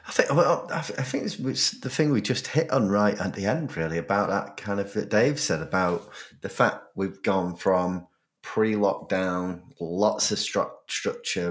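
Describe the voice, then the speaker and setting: A man co-hosts a casual podcast in a very deep voice. He talks loosely and jokes along, the way friends chat. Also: fairly bright tone. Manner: loose and jokey. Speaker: podcast co-host.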